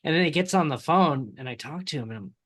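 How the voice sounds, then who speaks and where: An animated man in his thirties with a Midwestern accent, chatting casually as a podcast co-host. His pitch swings widely as he talks, quick and chatty, often breaking into laughter. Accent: Midwestern American. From Indiana. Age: 30s. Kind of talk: casual chat.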